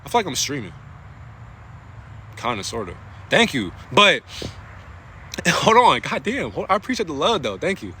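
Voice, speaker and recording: Male streamer, bright and lively, slangy and preachy, keeps pausing to thank chat. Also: on the high side, slight background noise. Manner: casual slang, often stops to thank viewers; passionate, preachy rhetorical questions. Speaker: livestreamer. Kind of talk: spiritual talk on a livestream.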